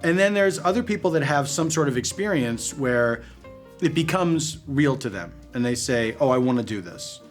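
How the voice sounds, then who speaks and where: A man's voice: mid-range voice, expressive, normal speed, soft background music. A man hosting an interview with dry, playful wit. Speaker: interview host. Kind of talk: casual chat.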